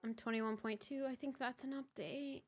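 High-pitched and steady, at a moderate pace, a young woman chats casually while streaming a game live. She greets viewers by name, exclaims and says things more than once, and curses when something breaks.

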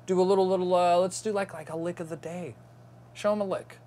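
A man's voice: sits high, fairly even intonation, fast talker, mellow, slight background noise. A man hosting a casual guitar show, talking in a playful, rambling way and laughing easily. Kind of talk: casual chat about guitar.

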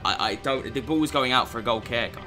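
A man's voice: mid-range voice, brisk, over music. A young man giving sweary, exasperated commentary over his own video game match. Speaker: gaming YouTuber. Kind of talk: gameplay commentary.

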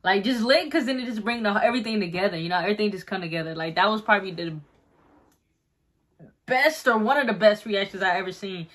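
Fast-talking excited woman reacting. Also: mid-range voice. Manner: excited, slangy, quick. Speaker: reaction video host. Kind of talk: casual reaction commentary.

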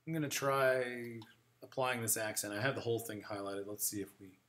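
A man teaching a live music class, thinking aloud and muttering while he works through software on screen. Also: lowish voice, fairly even intonation, quick pace. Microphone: moves around the room away from the mic.

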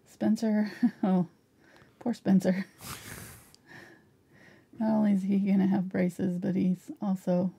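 Relaxed woman in her forties talks softly and chattily as she paints. Her voice is husky and very mellow, with a gravelly fry and a lowish pitch. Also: slow pace, long pauses. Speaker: painting instructor. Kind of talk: live painting tutorial chat.

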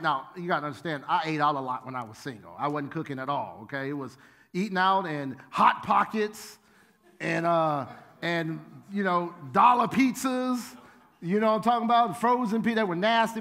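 A male pastor preaching a sermon, telling stories with animated shouted exclamations. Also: high voice. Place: church sanctuary. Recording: long church-hall reverb.

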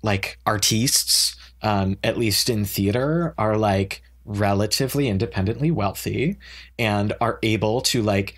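A man with a somewhat low voice co-hosts a casual podcast. He lays on heavy sarcasm as he makes his points. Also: normal speed, husky. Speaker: podcast co-host.

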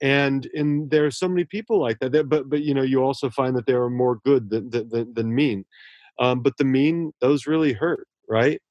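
A man's voice: mid-range voice, moderate pace, darkish tone, no room sound, highs cut off. Earnest man on a dry podcast mic. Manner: earnest, effusive, with frequent restarts. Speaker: author guest. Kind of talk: casual podcast interview.

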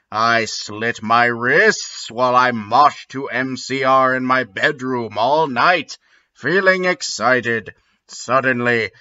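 A man giving a comedic dramatic reading and breaking off for deadpan, sardonic asides. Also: medium pitch, muffled recording. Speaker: comedic reader.

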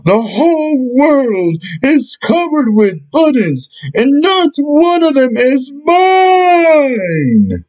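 A man voicing a fussy, easily upset male toad in a storybook, crying out in high, whining outbursts. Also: wildly swooping pitch, takes it slowly, darkish tone, breathy edge, dull audio, exaggerated voice. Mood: shouting.

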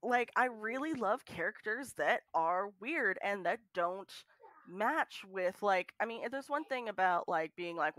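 A woman guest on a podcast, chatting in an animated way with lots of fillers. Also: mid-range voice, no room sound. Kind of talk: casual podcast chat.

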